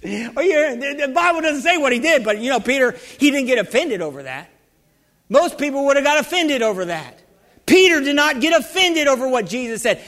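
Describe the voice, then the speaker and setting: A man's voice: very high-pitched, sing-song, a little fast, fairly bright tone. A man preaching a sermon with fervor, calling out questions to his congregation. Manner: fervent, calls out to the congregation. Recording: long hall reverb.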